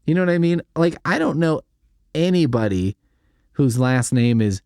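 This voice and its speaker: A man's voice: a little high, animated, moderate pace, darkish tone, no echo, clean studio sound. A male podcast host reading a silly story aloud and breaking off into sarcastic, incredulous comedic commentary, swearing casually.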